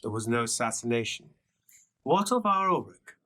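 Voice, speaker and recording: A man voicing a stately, courteous male emperor in a tabletop game, speaking formally and at a measured pace. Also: mid-range voice, sing-song, fairly bright tone, voice pushed down.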